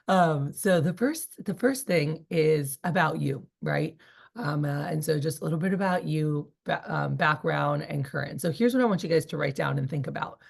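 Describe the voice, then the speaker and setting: Woman in her 30s running a sales training, low-ish voice, rambly and full of ums. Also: normal speed, creaky, slightly rough. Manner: chatty, rambling with many fillers. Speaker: sales team leader. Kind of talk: casual training talk.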